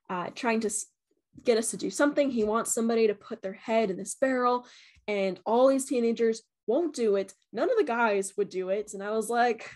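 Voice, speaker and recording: Chatty young woman, slightly high voice. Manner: chatty, many "um" and "like", acts out quotes with voices. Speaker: vlogger reviewing a haunted house. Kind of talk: casual storytelling review.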